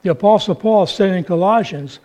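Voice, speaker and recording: A man preaching a sermon, with slow, emphatic, drawn-out phrasing. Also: sits high, mellow, dull audio.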